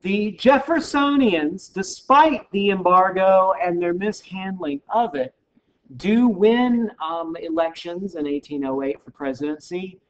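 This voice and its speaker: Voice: mid-range voice, unhurried. A history lecturer giving a recorded class lecture in a casual, wry, joking way, in a dull lo-fi recording.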